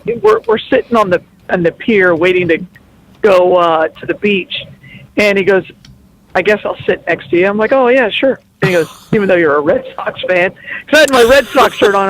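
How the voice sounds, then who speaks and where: A man's voice: sits high, a bit bright, low-quality recording. A middle-aged man, a guest on a radio show, telling playful, teasing stories in casual chat. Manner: jokey storytelling, playful teasing. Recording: radio broadcast.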